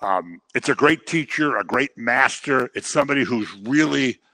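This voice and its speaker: A man's voice: medium pitch, animated, moderate pace, bright, forceful tone, no echo. A man teaching the Bible in a conversational way, telling the stories and acting out the people he quotes. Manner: informal, with fillers and restarts. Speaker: preacher.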